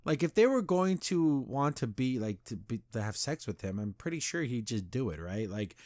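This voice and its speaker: A man's voice: mid-range voice, moderate pace, no room sound, clean studio sound. Man hosting a casual review podcast. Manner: animated, retells scenes and paraphrases characters. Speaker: podcast host.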